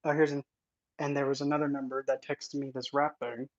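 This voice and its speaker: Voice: medium pitch, little pitch movement, a little fast. An occult content creator giving casual vlog commentary in an indignant, sarcastic manner. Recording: dull lo-fi recording.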